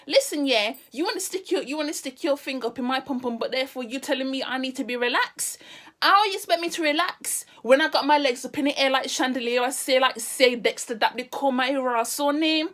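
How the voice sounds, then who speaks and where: A woman telling a casual storytime vlog, animated and exclamatory. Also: sits high, fairly quick. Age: 30s. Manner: animated, exclamatory, drifts into Caribbean patois. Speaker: vlogger.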